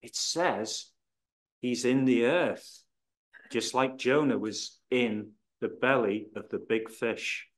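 A man explaining scripture in a measured teaching style, stressing key words as he goes. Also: medium pitch. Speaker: Bible teacher.

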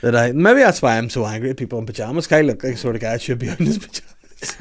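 A man in his thirties with a Scottish accent, hosting a podcast and telling an animated, laughing, sweary story. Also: mid-range voice, racing. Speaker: podcast host. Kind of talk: casual chat, storytelling.

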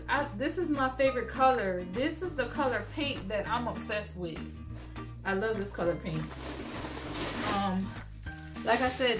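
Young woman, casual home vlog, excitable and chatty, slightly high voice, echoey room, clear background music. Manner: chatty and excitable, often addresses viewers as y'all. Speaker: vlogger. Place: at home, in pajamas.

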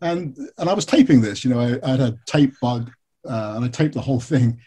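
An English man, a biographer being interviewed, telling stories candidly in a relaxed, rambling way. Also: mid-range voice, a little fast, slightly rough. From England. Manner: candid, storytelling, frequent fillers. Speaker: biographer and author guest. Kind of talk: conversational interview answers.

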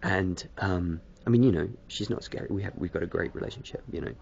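Low gravelly man, rambling vlog. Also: fast, a little mellow, muffled recording, slight background noise. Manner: hesitant, self-deprecating, lots of fillers; smoking a cigarette while talking. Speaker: video blogger. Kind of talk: casual rambling vlog to camera.

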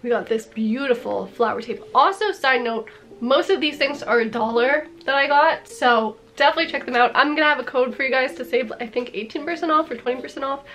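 A young woman with a cold talking excitedly in a casual haul vlog, gushing over her purchases. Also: high-pitched, brisk. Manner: bubbly and gushing, lots of "like" and "are you kidding me". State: congested with a cold. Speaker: vlogger.

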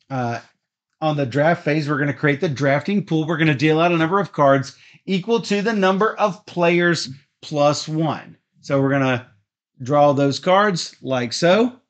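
A man explaining the rules of a board game step by step, in a methodical way with frequent ums and uhs. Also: a little high. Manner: steady, methodical, frequent fillers.

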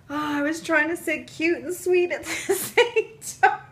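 A woman unboxing a gift package on her vlog, tearful and gushing, laughing through her tears and dropping into soft whispers. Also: very high-pitched, measured pace, a little hiss or hum. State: tearful, crying while talking. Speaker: vlogger opening a gift package.

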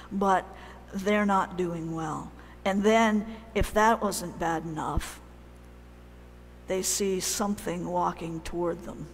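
A woman delivers a sermon at an unhurried pace, telling the story in a chatty, animated way with pauses. Her voice carries a long reverb from the church around her. A faint hum sits under the recording. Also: lowish voice. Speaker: preacher.

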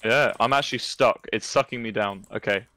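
A man's voice: fairly low pitch, a little fast, sharp tone, dry recording. A man with a British accent chats while gaming and teases his friends in a dry, wry way. His voice is recorded close and dry, with no room sound. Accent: British English. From England. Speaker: streamer. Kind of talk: casual gaming chat.

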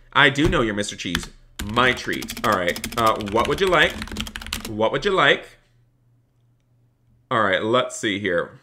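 A man's voice: medium pitch, noisy background. A man live-streaming a game, chatting upbeat with viewers and thanking them by name while playing a polite police officer. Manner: slips into a polite officer role with players. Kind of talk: live-stream gameplay commentary with police role-play.

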